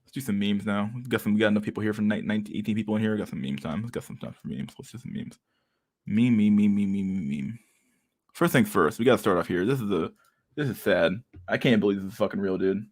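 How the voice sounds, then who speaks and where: Speaking very fast in a lowish voice, a man runs a livestream and chats loosely with the people watching. He rambles, curses, and keeps laughing with exaggerated outrage.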